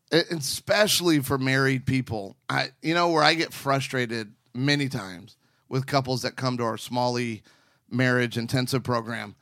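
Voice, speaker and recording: A man's voice: mid-range voice, no room sound, clean studio sound. A man in his forties co-hosting a casual talk show, telling a personal story and acting out the people in it. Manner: animated storyteller acting out quoted voices. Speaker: podcast co-host and marriage counselor.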